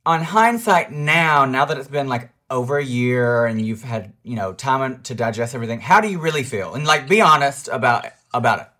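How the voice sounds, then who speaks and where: A man's voice: mid-range voice, animated, normal speed, hardly any pauses, pushed and bright. A man hosting a casual podcast chat, teasing and slangy, with many fillers. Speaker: podcast host.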